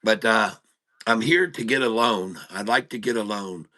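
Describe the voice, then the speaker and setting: A man voicing a smooth-talking male frog who croaks the odd ribbit, told inside a joke. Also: lowish voice, normal speed, pushed and bright, pitched below the performer's own voice. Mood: sly.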